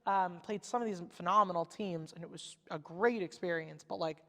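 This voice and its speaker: A young woman, a former college softball pitcher and podcast guest, talking casually and telling stories with lots of "like" fillers. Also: normal speed. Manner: chatty, lots of "like" fillers, lively storytelling. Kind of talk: casual chat. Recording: long echoey reverb.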